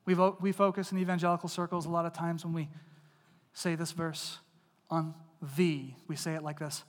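Male pastor, sermon, earnest, high voice, long hall reverb. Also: little pitch movement, normal speed. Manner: earnest, swings from loud emphasis to hushed intimacy. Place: church sanctuary.

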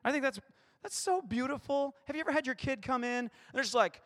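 A man's voice: very high voice, lively intonation, normal speed, fairly bright tone, long reverb tail. A male pastor preaching a playful sermon, acting out short voices in his stories.

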